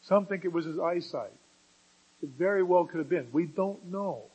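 A man preaching a sermon, moving from quiet explanation to loud, emphatic passages. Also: sits high, normal speed, breathy edge, rough recording.

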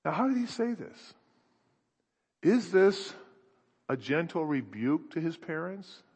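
Man, preacher, sermon, husky voice, earnest, echoey hall. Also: on the high side, very animated, slow, pauses often, a little mellow. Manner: earnest, searching, thinking aloud with restarts.

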